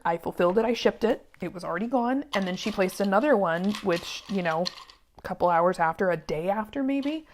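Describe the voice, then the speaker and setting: A woman who runs a small business, chatting casually as she sews and venting about a rude customer. She rambles with many fillers and sometimes drops to a whisper while working. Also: on the low side. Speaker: small business owner and vlogger. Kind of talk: casual chat while sewing.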